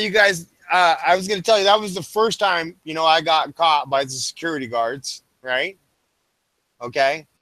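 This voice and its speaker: A man with a bright, forceful voice pitched a little high chats casually as a stream host. He rambles through a story with many fillers and restarts. The sound is dry and close. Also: dry recording.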